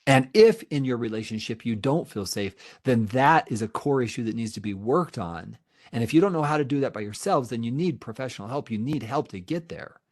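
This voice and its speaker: A man's voice: medium pitch, expressive, brisk. A middle-aged man, a therapist, giving an earnest webinar presentation with emphatic repetition and answering audience questions.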